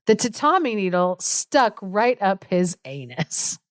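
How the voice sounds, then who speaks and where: A woman's voice: mid-range voice, very animated, slow, no echo, studio quality. A woman co-hosting a podcast, retelling a folk tale in a chatty, giggly way that is full of fillers. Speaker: podcast co-host. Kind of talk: casual storytelling chat.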